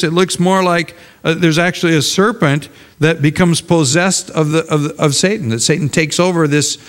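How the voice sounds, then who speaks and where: A man's voice: fairly high pitch, long reverb tail. An older man and pastor preaching a conversational sermon, often repeating words as he searches for them.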